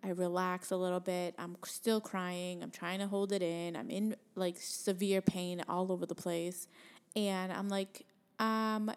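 A young adult woman telling a personal story in a casual, blunt way, swearing freely and getting animated. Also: on the low side, unhurried, clean tone.

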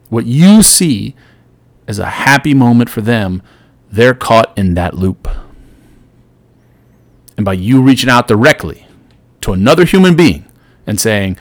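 A middle-aged man hosting a solo podcast, giving an earnest motivational talk that swings between loud and soft. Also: medium pitch, very animated, a little slow, long pauses, no room sound. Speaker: podcast host.

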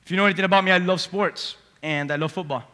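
A man preaches a sermon in a church with a long reverberating hall sound around him. His voice sits high and bright, and he swings from forceful emphasis to quiet asides, slipping into little character voices as he tells a story. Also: steady tone, fast talker. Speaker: pastor. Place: church sanctuary. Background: congregation.

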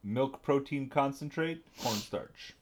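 Woman co-host with an extremely low voice; understated, hesitant, casual. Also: takes it slowly, a little hiss or hum. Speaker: podcast co-host. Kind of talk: casual chat.

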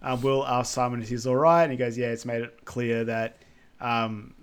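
A man co-hosting a podcast, rambling through a film recap with lots of filler words and quick asides. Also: medium pitch, little pitch movement, clean tone. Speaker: podcast co-host. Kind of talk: casual film recap chat.

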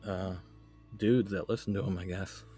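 Male co-host, low voice, opinionated casual chatter. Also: fairly even intonation, normal speed, mellow, faint music behind. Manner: blunt opinions with frequent restarts. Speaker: podcast co-host. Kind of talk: casual chat giving opinions.

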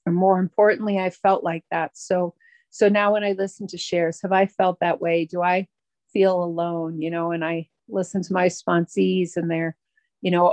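A woman speaks at a recovery meeting in a fairly low voice, earnest and halting, often restarting her sentences. The sound is dry, with no room echo. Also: level tone, darkish tone. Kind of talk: personal sharing at a recovery meeting.

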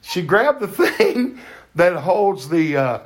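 An older man hosting a podcast, telling a faith testimony in a fervent, preacher-like way with drawn-out emphasis. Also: sits high, sing-song. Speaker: podcast host.

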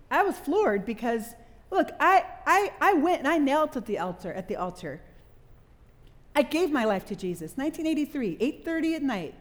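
Middle-aged woman preaching, highish voice, big echoey hall behind her. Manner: animated storytelling, quizzing the audience. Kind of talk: sermon. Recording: long hall reverb.

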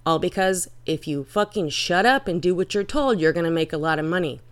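A woman's voice: on the low side, lively intonation, fairly quick, clear, resonant tone. A woman giving vlog commentary in an emphatic, indignant, profane manner.

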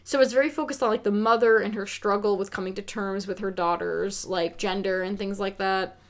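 A woman's voice: medium pitch, steady tone, fairly quick. A woman co-hosting a podcast, chatting casually and frankly about a film, with lots of filler words and the odd swear. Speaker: podcast co-host. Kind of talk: casual film review chat.

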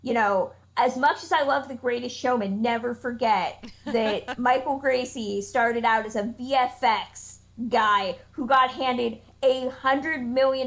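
A woman co-hosting a podcast, her voice sitting a little high. She talks in blunt, emphatic bursts and isn't shy about cursing. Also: fairly bright tone. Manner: emphatic, blunt, swears freely. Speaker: podcast co-host. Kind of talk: casual opinionated chat.

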